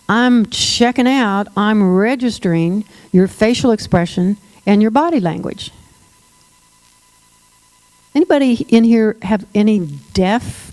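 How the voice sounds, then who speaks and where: A woman's voice: mid-range voice, dark tone, no room sound, poor audio. A woman presenting a workshop on dementia care. She speaks emphatically and addresses the audience directly. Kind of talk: workshop talk to a live audience.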